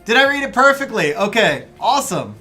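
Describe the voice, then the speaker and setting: A man's voice: sits high, sing-song, brisk, pushed and bright, soft background music. A young adult man streaming a game live, reading out chat messages in a laid-back way, chuckling often and calling viewers bro.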